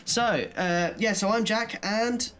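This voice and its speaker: A man from the UK co-hosting a casual podcast over a remote call, chatty and quick to laugh. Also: high-pitched. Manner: chatty, laughs easily, excitable. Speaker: podcast co-host. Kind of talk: casual chat.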